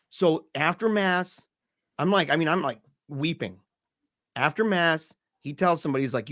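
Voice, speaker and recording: A lively man on a podcast tells a long story from his own life in a loose, chatty way, and he plays out what each person said with his voice. He has a slightly high voice for a man. The sound is dry and close, with no room echo. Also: normal speed. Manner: animated, acts out the voices in his stories. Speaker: podcast guest. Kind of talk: casual storytelling in conversation.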